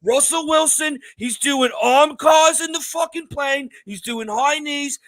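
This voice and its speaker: A man putting on a London accent, doing a loud, brash, swearing young bloke as a joke on a podcast. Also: extremely high pitch, a little slow, no echo. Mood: rowdy, hyped. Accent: put-on London English. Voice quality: rowdy, swearing, shouting. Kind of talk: joking impression on a podcast.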